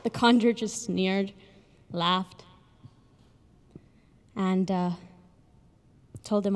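A young woman giving an emotional graduation speech, telling a story earnestly with pauses, recorded in a large ceremony hall with long reverb. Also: mid-range voice, fairly even intonation. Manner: earnest, pausing, with soft laughs. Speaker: graduation speaker.

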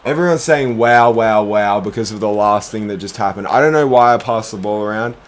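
Excitable young man streaming a basketball game. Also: lowish voice, brisk. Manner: excitable, groaning, self-deprecating, bursts into shouts. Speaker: gaming streamer. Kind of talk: live gameplay commentary.

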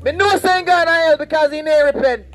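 Over poor audio, a Saint Vincent man preaches by the roadside in a very high, slightly bright voice at a brisk pace. His open-air sermon to passersby is fervent and repetitive, full of warnings and pleas.

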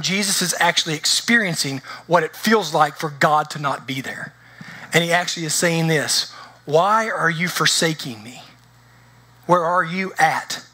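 A man's voice: fairly high pitch, sharp tone. A man preaching a conversational sermon in church, often checking in with his congregation. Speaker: pastor.

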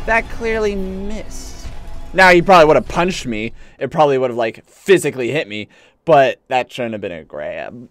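A man streaming a video game, commenting live, excitable, talking to the enemies he fights and bursting into exclamations. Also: mid-range voice, moderate pace. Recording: game music loud under the voice. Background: game music.

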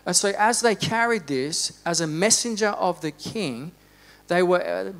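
Fervent preaching man, raised pitch. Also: animated, unhurried. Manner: fervent preaching, swings from loud exhortation to quiet reflection. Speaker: pastor. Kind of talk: sermon. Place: church.

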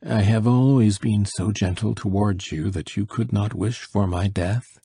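A man's voice: fairly low pitch, unhurried, warm tone, slightly rough, dry recording, studio quality. A male reader voicing a dying old nobleman who speaks weakly but insistently. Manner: weak, insistent and secretive.

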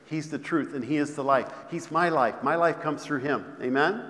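A man's voice: on the high side, moderate pace, fairly bright tone. A man preaching a sermon, repeating phrases, stumbling over restarts and calling out to the congregation. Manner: repetitive call-and-response preaching, many restarts. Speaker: pastor. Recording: long hall reverb.

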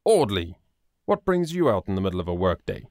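A man voicing a boisterous, jolly young peasant man who booms and turns mock-formal in a storybook reading. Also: fairly quick, no echo, studio quality. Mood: hearty. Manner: booming, playfully over-proper, stammers when excited.

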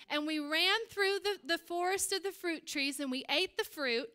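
A middle-aged woman pastor giving a sermon as an animated storytelling preacher. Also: high voice, normal speed, hardly any pauses. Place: church stage.

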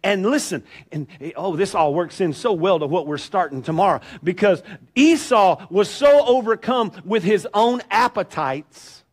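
High-voiced pastor preaching. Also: male voice, measured pace. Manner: animated storytelling, acts out voices, jokes with congregation. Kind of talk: sermon. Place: church sanctuary.

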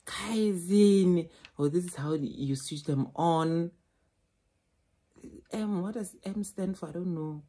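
A woman's voice: on the low side, slow, mellow. A young woman from South Africa chatting casually to her viewers while unboxing something, calling them guys and darlings, recorded on a phone at home. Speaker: vlogger. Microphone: phone camera.

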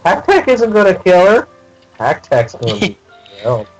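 Casual male player with a higher voice. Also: wildly swooping pitch, lo-fi sound, soft background music. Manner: quick to correct others, casual. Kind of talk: casual game table chat.

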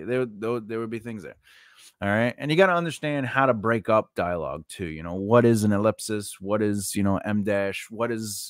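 A man's voice: on the low side, a bit bright, no echo, studio quality. A man teaching writing in a casual lesson, rambling through tangents with many fillers and restarts. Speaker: writing podcast host.

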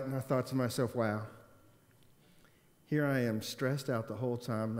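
A man's voice: mid-range voice, steady tone, moderate pace. A man preaching a sermon and telling a story to make his point, in an earnest, emphatic way. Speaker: pastor. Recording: long hall reverb.

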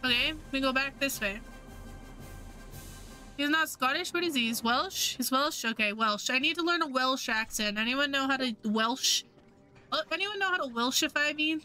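A woman's voice: sits high, animated, moderate pace, sharp tone, soft background music. A woman streamer chatting casually and self-mockingly over a game she plays. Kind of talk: casual let's-play commentary.

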